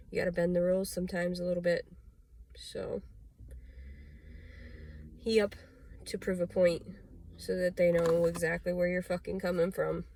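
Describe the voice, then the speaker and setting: A woman's voice: lowish voice, darkish tone. A woman talking straight to camera in a confessional vlog, rambling and agitated, swearing often. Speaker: vlogger.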